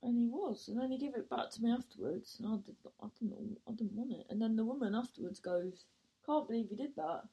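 A woman's voice: on the high side, fast, creaky, few pauses, dark tone, breathy edge. A woman, a comedian and actor, telling a rambling story with self-mocking asides and casual swearing.

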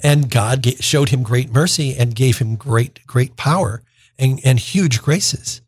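Male deacon for a radio reflection: husky, dry close sound, casual explaining. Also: mid-range voice, measured pace, a little mellow, dry recording. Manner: informal, plain-spoken explaining.

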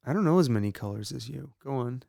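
A man's voice: medium pitch, lively intonation, fast, creaky, dark tone, dry recording, studio quality. A man hosting a podcast in casual chat, playful and prone to bursts of silly singing. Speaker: podcast host.

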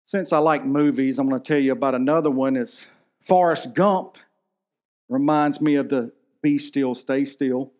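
A man's voice: medium pitch, normal speed, a little mellow. A man in his forties preaching a sermon in a conversational, storytelling manner. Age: 40s. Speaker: pastor.

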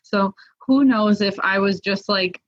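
A woman's voice: medium pitch, a little slow. Chatty woman telling a story, muffled. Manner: lively, lots of fillers, acts out quotes. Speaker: guest. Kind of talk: casual storytelling. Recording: muffled lo-fi audio.

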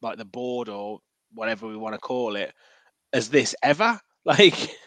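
A man co-hosting a relaxed football chat podcast, easygoing and quick to laugh. He is recorded close and dry, with no room sound. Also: medium pitch, no room sound. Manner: easygoing, laughs often, trails off with fillers. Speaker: podcast co-host.

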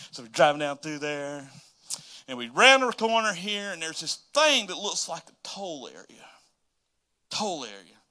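Male pastor, bright and slightly high voice, animated storyteller in a sermon. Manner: animated, dramatic storytelling with quoted asides.

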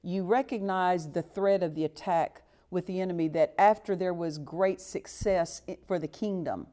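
A woman's voice: fairly low pitch, normal speed, dark tone. A woman preaching a sermon, earnest and exhortative, repeating phrases for emphasis and now and then breaking into a short laugh. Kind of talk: sermon to a responding congregation.

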